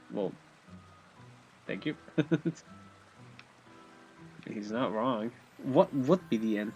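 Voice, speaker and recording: A man's voice: medium pitch, drawn-out words, pauses often, darkish tone, highs cut off, faint music behind. A man chatting casually while playing a game, laughing often and joking at himself. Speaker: gamer.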